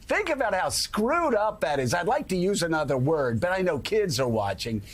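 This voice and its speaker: A man's voice: high voice, big pitch swings, moderate pace. A middle-aged man hosting a morning talk show, delivering indignant, emphatic opinion commentary.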